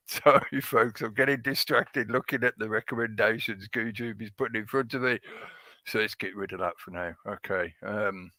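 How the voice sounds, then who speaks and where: A man's voice: fairly low pitch, normal speed, sharp tone, no echo. A man hosting a casual livestream, chatting in a rambling way and greeting viewers in the chat by name. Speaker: livestream host. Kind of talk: casual live-stream chat.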